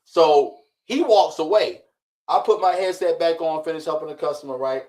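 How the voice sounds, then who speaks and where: A man's voice: on the high side, moderate pace. A man in his thirties co-hosting a podcast, telling a story in casual chat and acting out the dialogue. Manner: animated storyteller, acts out quoted dialogue, frequent "right?". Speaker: podcast co-host.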